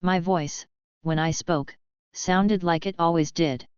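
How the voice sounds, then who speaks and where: A woman narrating a first-person story as an audiobook reader, in a slow, even reading. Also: lowish voice, clean tone, dry recording, highs cut off.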